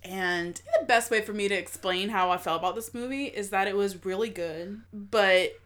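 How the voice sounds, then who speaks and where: Woman on a movie podcast, playful, chimes in a lot, plain mid voice. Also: mid-range voice. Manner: lively, quick reactions, playful. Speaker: podcast co-host. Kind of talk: casual movie podcast chat.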